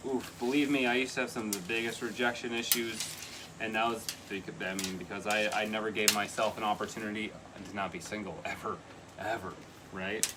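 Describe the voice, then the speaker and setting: A man giving a live tarot reading, chatty and earnest, with sudden excited bursts. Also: fairly low pitch, fairly quick, noisy background. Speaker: tarot reader.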